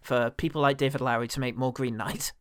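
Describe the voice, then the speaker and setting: A man's voice: mid-range voice, steady tone, fast, a bit bright, clean tone. A British man co-hosting a podcast, ranting in an exasperated, sweary way about bad comedy films. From Britain. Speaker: podcast co-host. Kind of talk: casual film-review chat.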